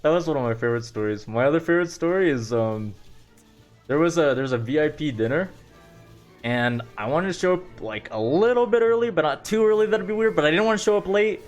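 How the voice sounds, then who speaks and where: A man's voice: fairly high pitch, brisk, faint music behind. A young man streaming, rambling casually through stories with lots of fillers and self-deprecating asides. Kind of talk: casual storytelling on a live stream.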